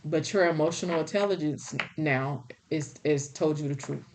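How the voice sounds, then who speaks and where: A woman's voice: deep voice, normal speed, background noise. A woman giving a spiritual tarot reading in a blunt, folksy, scolding way. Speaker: tarot reader.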